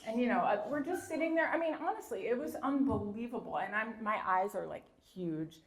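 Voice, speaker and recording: A woman's voice: a little high, animated, a little fast. A woman in her fifties, from New York, telling a story from her childhood in a chatty way, with lots of "um"s and "like"s. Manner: chatty, many "um"s and "like"s. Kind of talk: personal story told live. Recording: echoey room.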